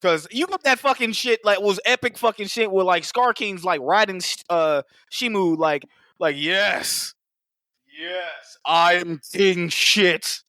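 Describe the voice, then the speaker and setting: A man in casual podcast chat about a movie, profane and animated, acting out bits of scenes. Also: high voice, moderate pace, no echo, studio quality. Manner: profane, animated, acts out monster voices.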